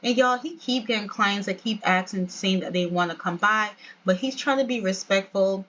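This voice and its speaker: Chatty woman hosting a let's play, mid-pitched voice, slightly muffled home recording. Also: normal speed, fairly bright tone. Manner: chatty, keeps addressing viewers as "y'all". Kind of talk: casual gameplay narration.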